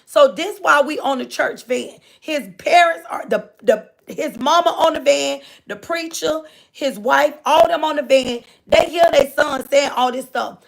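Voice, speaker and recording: High-voiced woman with gravelly fry. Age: adult. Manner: rambling, repeats phrases, often addresses listeners directly. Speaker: livestreamer reading viewer comments. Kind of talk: casual storytelling to viewers.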